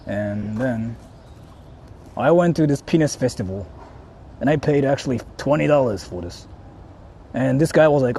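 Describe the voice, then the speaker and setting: In this casual IRL vlog, a young man talks outdoors in a city at normal speed, pausing often, with a warm, animated, mid-range voice. He swears a lot, laughs and repeats himself, and there's a little hiss or hum.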